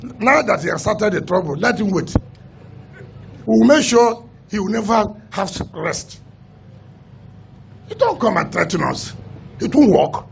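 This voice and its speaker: Nigerian politician, high gravelly voice, combative and emphatic on-the-record statement. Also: male voice, a little hiss or hum. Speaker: state governor and party leader. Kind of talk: press statement.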